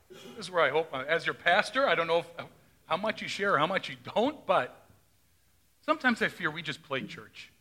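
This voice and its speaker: A man's voice: fairly high pitch, very animated, normal speed, pauses often, sharp tone. A male pastor giving a conversational sermon, often asking his congregation questions and retelling scripture in his own words.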